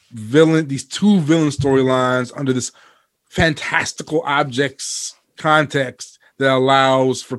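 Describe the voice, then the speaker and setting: A man co-hosting a casual podcast chat, rambling with many fillers and restarts, and getting animated and profane when worked up. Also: mid-range voice. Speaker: podcast co-host.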